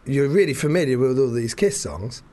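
A man's voice: medium pitch, animated, normal speed, dark tone. A man telling a story in casual chat, rambling, restarting his sentences often and laughing between them.

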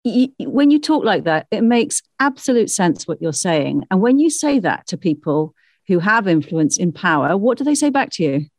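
A woman's voice: mid-range voice, big pitch swings, normal speed, no room sound. A woman interviewer asking direct, probing questions in a broadcast interview.

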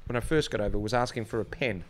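A man's voice: lowish voice, quick pace. A man in his forties with a New Zealand accent, chatting casually and telling anecdotes with plenty of hesitations. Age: 40s. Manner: anecdotal, hesitant with many fillers. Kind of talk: casual chat.

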